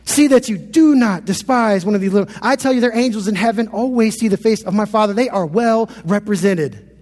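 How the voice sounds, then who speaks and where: A man's voice: sits high, a little fast, darkish tone, in a large hall. A man in his thirties preaching a sermon as pastor, earnest and often repeating words as he builds a point.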